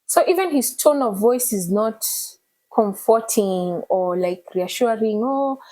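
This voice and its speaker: Woman, thirties, emotional testimony, animated storytelling, interview guest. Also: on the high side, measured pace, rough recording. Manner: earnest, animated retelling with code-switching.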